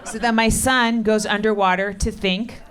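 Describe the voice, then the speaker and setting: A woman's voice: medium pitch, fairly even intonation, moderate pace. A middle-aged woman comedian performing a stand-up set with crowd work on a club stage, talking in a dry, profane, teasing way. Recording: live club set with audience laughter. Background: audience laughing.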